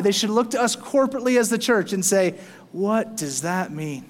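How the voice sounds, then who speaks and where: Animated high-voiced male preacher in a reverberant hall. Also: normal speed. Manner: animated, preaching with rising emphasis and playful asides. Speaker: pastor. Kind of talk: sermon. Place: church sanctuary.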